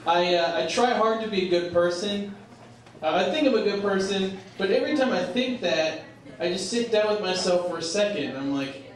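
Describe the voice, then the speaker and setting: A young man performing a stand-up comedy set on a small club stage, self-deprecating and halting, with many "uh"s and "like"s. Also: high-pitched. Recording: echoey live club recorded from a distance. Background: audience laughter.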